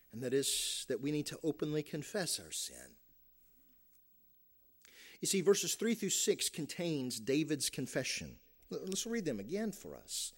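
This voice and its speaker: A man preaching a sermon as pastor, earnest, restarting phrases and asking "right?" often. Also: medium pitch. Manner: earnest preaching with repeated restarts and tag questions.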